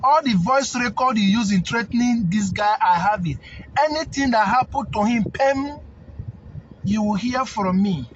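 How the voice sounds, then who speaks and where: A man with a Nigerian accent rants defiantly in a high voice, preaching and hammering lines again and again for emphasis. The recording sounds dull and lo-fi, with a faint noise underneath. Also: measured pace. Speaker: snail farming consultant. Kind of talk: impassioned rant to camera.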